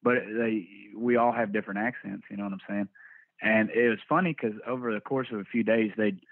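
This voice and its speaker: A man from Texas talks in a slow Texan drawl, casual and rambling, dropping swear words as he tells stories. His voice sits a bit low and comes through a narrow, phone-like line. The sound is dry. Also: fairly even intonation, no room sound. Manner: laid-back, profane, rambling drawl. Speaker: band musician guest. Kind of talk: casual interview storytelling. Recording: tinny phone-like remote line.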